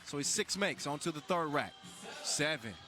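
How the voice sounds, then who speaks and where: A man calls a live shooting contest in a loose, joking commentary style, stumbling through fillers and restarts. His voice sits a little high for a man. Music plays clearly under him throughout. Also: expressive, moderate pace. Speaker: sports commentator. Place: basketball event venue.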